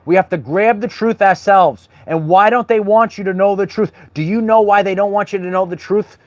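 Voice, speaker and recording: A man with a high-pitched voice talks straight to his livestream chat. He preaches and repeats himself, and he calls out viewers by name. The sound is dry and close, with no room echo. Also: moderate pace. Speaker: livestream host. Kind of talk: spiritual livestream talk to chat.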